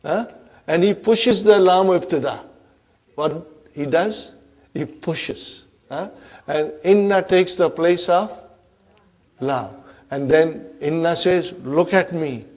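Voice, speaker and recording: Slow-paced, higher-voiced male Arabic teacher. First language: Urdu. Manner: interactive, constantly checks in with the class. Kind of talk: classroom lecture.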